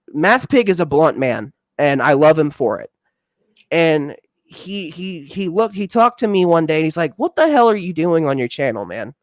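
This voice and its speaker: Earnest, halting man on a stream. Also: fairly high pitch, no room sound. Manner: earnest, halting, near tears, swears freely. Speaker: guest. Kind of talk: emotional livestream chat.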